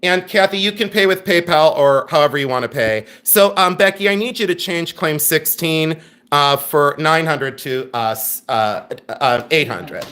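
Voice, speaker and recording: High-voiced chatty man hosting a live sale. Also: normal speed, fairly bright tone. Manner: chatty, thanks viewers by name, joking. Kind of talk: live-stream selling chat.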